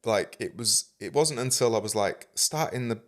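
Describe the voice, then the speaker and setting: Mancunian male host, lowish voice, loose sweary banter. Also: expressive, normal speed. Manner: swears freely, chatty and laughing. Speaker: podcast host. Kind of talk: casual podcast chat.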